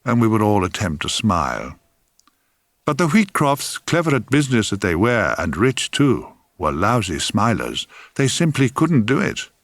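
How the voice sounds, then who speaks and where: A man narrating his own memoir with wry, theatrical relish. His voice sits low but swings widely, sinking at times to a hush. The recording is close and dry, with no room echo. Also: sing-song, normal speed. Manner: wry, theatrical, dropping to hushed whispers. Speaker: author reading his memoir.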